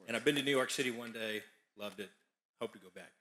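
A man's voice: mid-range voice, quick pace, sharp tone. A man from Hawaii, an audience member, chattily asking a question.

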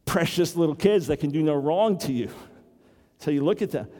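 High-voiced older man preaching. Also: expressive, moderate pace, warm tone, long reverb tail. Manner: earnest, with wry humor and acted-out quotes. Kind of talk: sermon teaching.

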